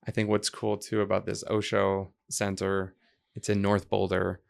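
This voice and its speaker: A man's voice: lowish voice, moderate pace, creaky. A man from the United States, a podcast guest, talking reflectively and telling stories in which he quotes people. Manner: reflective storyteller, quotes people in lively voices. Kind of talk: conversational interview.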